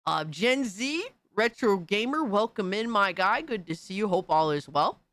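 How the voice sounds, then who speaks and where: A woman hosting a live stream, hyped and profane, rattling off shout-outs to chat in casual banter. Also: medium pitch, animated, normal speed.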